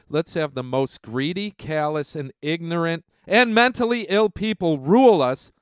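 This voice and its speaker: A man's voice: on the high side, expressive, normal speed, few pauses, a bit bright, clear, resonant tone, dry recording, clean studio sound. A man hosting a radio talk show, delivering ranting political commentary in a heated, sarcastic, mocking manner.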